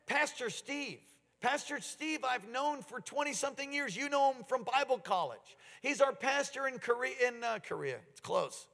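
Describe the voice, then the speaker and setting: A man delivering a sermon in an animated, storytelling way, his voice pitched fairly high. Long reverb from a big hall trails each phrase. He swings from relaxed asides to loud, excited peaks. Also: moderate pace, gravelly. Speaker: pastor.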